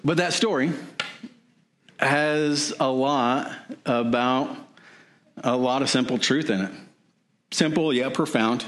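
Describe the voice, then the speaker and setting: A man's voice: mid-range voice, slow, pauses often, fairly bright tone. A man preaching, telling a long joke as an illustration, rambling and repetitive with many restarts. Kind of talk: sermon storytelling.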